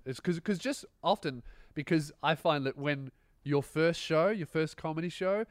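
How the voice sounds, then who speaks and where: Male comic host, relaxed sweary storyteller, slightly high pitch, dry mic. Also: no room sound. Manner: laid-back, quick affirmations, sweary anecdotes. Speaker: podcast host, comedian. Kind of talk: casual chat.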